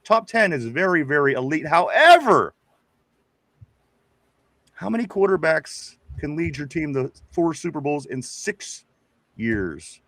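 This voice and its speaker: A man's voice: on the high side, big pitch swings, a little slow, long pauses, a bit bright, no room sound. A man co-hosting a casual sports podcast, reading viewer comments and talking loosely, with swearing and laughs. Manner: loose and profane, laughing, addresses co-host often.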